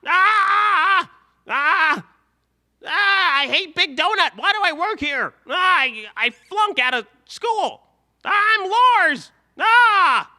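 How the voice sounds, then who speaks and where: A shrill whiny teenage boy. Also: expressive, takes it slowly, sharp tone, heavily acted. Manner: high strained whining with cries. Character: whiny teenage boy cartoon character, complicated and moody.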